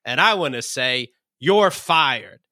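A man's voice: mid-range voice, animated, slow, pushed and bright, no room sound, studio quality. A man co-hosting a podcast, telling a story in casual comedic chat, incredulous and profane, with stumbling restarts. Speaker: podcast co-host.

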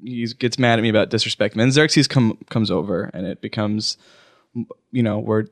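A man's voice: on the low side, normal speed, no room sound. Laughing storyteller man in a dry studio. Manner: animated storyteller, laughs often. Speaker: podcast co-host. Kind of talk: casual chat.

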